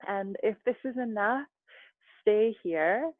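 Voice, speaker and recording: A woman teaching yoga over a video call, guiding each pose with calm, chatty cues and small asides. Her voice sits at an ordinary middle pitch. The sound is narrow and phone-like, with a dry, close feel. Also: takes it slowly, dry recording. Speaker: yoga instructor.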